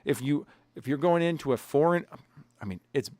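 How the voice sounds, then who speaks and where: A man's voice: on the high side, fairly quick, darkish tone, no echo, clean studio sound. A man co-hosting a podcast, ranting angrily and swearing a lot as he argues his point. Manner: profane, angry, emphatic. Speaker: podcast co-host. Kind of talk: heated casual podcast rant.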